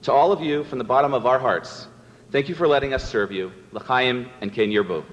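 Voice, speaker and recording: A man's voice: medium pitch, a little fast, in a large hall, dull audio. A man giving a prepared thank-you speech at a banquet, reading it out with wry delivery. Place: banquet hall.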